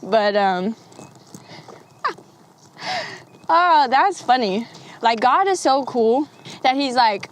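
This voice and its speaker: A woman's voice: sits high, very animated, extremely slow, pauses often, a little hiss or hum. Candid rambling woman vlogger. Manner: rambling, candid, swears freely, laughs often. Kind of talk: candid casual talk to camera.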